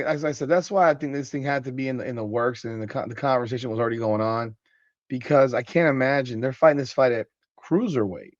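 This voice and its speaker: A man hosting a podcast late at night, sleepy and yawning, talking in loose, excitable slang and reading out comments. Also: mid-range voice, dry recording, highs cut off. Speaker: podcast host.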